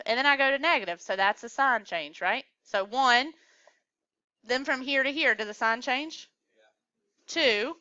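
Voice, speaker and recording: A woman's voice: fairly high pitch, pushed and bright, smooth, no room sound, highs cut off. A woman teaching a math class, coaxing students along with questions in a classroom lecture.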